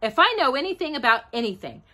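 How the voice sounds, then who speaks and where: Woman putting on a cheerful humming teddy bear, sing-song, high and lively, bright storybook voice. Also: fast, full character voice.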